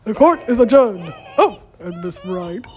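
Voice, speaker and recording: A woman voicing a kindly elderly male judge in a fan dub, speaking slowly and fatherly, with music behind. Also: medium pitch, animated, background noise, close to an everyday voice. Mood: gentle.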